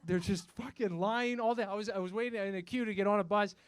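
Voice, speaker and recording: A man's voice: sits high, steady tone, fast, smooth, no room sound. A young man from Canada doing a stand-up comedy set on a comedy club stage into a handheld mic, profane and rambling, with frequent restarts.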